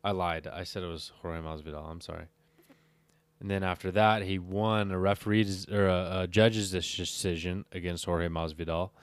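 Deep-voiced tired man rambling about fights. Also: fairly even intonation, normal speed, smooth, no echo. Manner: rambling, self-correcting, often stops to recheck fight records. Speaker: MMA fight recap host. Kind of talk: casual solo commentary.

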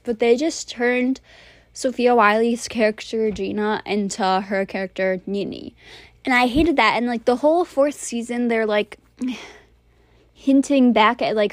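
A woman's voice: a little high, dry recording. A young woman chatting casually as she reviews movies and shows, rambling and blunt with lots of fillers. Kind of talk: casual monthly review chat.

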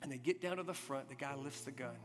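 A man preaching a sermon, telling a story dramatically, swinging from urgent loud passages to hushed, quiet ones. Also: mid-range voice, fast. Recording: long hall reverb with music behind.

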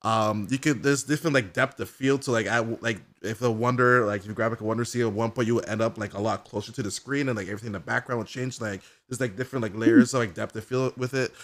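A man with a bright, forceful voice chatting casually as a podcast co-host. He rambles, stacks up fillers, and acts out little reactions while he tells a story. His pitch sits right in the middle for a man. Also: steady tone, fast, hardly any pauses. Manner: rambling, heavy use of "like" fillers. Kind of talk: casual chat.

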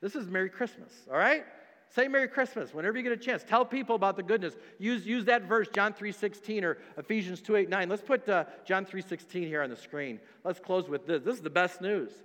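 Slightly high-voiced pastor preaching, punchy repeated lines, big church echo. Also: male voice, brisk. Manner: emphatic, repetitive preaching with quiet dips. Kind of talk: sermon. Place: church sanctuary.

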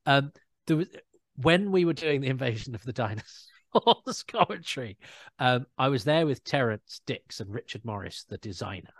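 A man's voice: mid-range voice, animated, moderate pace, dry recording. Man telling anecdotes, dry close mic. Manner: anecdotal, imitates people in quotes. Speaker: guest. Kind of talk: casual chat.

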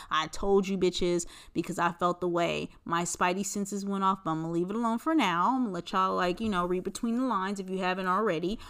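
A woman's voice: lowish voice, fairly bright tone. A woman in her forties hosting a casual solo podcast, talking in a blunt, profane, rambling way with lots of fillers. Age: 40s. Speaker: podcast host.

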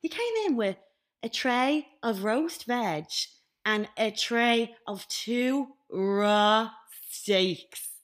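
A young woman co-hosting a podcast, telling a story in casual chat and acting out the voices of the people in it. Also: extremely slow. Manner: animated, acts out quoted voices with big pitch jumps. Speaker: podcast co-host.

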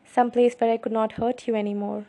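A woman voicing a brooding teenage boy vampire who speaks quietly and soothingly. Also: a little high, flat delivery, fairly quick, lightly acted. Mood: grave. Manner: quiet, soothing, often whispered.

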